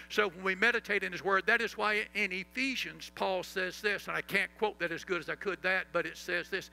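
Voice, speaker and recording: A man pastor preaching a sermon, leading the congregation in call-and-response and reciting scripture, sometimes dropping to a soft, slow voice for emphasis. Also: high voice, steady tone, creaky, faint music behind, low-quality recording.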